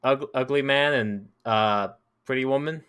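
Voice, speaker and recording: A man's voice: mid-range voice, measured pace, fairly bright tone, smooth. A man playing in a tabletop game, chatting casually with the game master and offering joking suggestions. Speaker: player. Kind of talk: casual chat.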